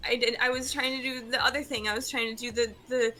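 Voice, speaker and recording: A woman's voice: fairly high pitch, fairly even intonation, quick pace, pushed and bright, faint music behind. A woman voicing a frightened young woman with dangerous powers, stammering and near tears. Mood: shaken.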